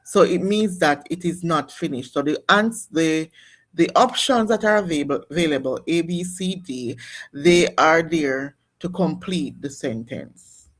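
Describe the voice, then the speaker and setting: A woman teaching a nursing class in a classroom, explaining step by step with restarts and calling on students. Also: sits low. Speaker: nursing instructor. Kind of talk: classroom lecture on exam questions.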